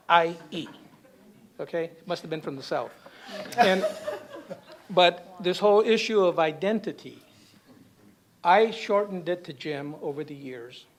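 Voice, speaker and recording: Brief: male panelist, slightly high voice, animated storyteller with humor. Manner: lively, humorous anecdote-telling with audience asides. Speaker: symposium panelist. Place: university symposium hall.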